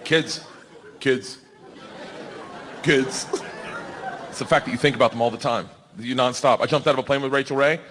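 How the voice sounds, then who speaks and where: A man in his forties telling a profane, animated stand-up story on a comedy stage into a handheld mic. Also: mid-range voice, moderate pace, long pauses, crowd noise. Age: 40s. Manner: rowdy, profane, animated acting-out. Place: comedy stage before a live crowd. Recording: live club recording with noise.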